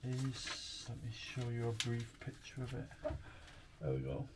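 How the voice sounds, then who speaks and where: A man talks through an unboxing in a relaxed, rambling way, thinking out loud between pieces. He is recorded in his garage workshop. Clear background noise and clicks sit under his voice. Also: medium pitch, measured pace. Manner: chatty and rambling, thinks aloud. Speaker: tool reviewer. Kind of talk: casual chat while unboxing.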